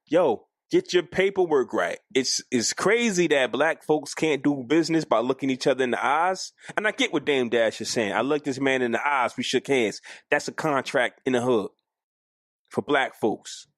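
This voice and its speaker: A man co-hosting a podcast in casual chat, animated and arguing his point, acting out quoted lines. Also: medium pitch, normal speed, no room sound, clean studio sound. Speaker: podcast co-host.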